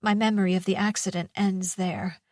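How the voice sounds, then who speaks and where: A woman reading a first-person mystery thriller audiobook in a measured, tense manner. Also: mid-range voice, fairly even intonation, a little mellow, no room sound, studio quality. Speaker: audiobook narrator.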